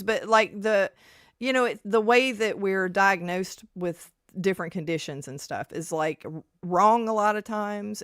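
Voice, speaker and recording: Animated, rambling woman on a dry mic. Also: mid-range voice, no echo. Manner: animated, rambling, exclamatory storytelling. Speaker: co-host. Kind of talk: casual health chat.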